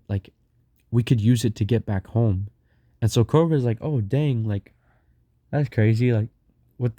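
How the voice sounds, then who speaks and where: A young man talks his way through a long story in a loose, rambling way, stacking fillers and restarts. His voice sits low and sounds very dark and mellow. The sound is dry and close, with no room around it. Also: no room sound. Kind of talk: casual storytelling.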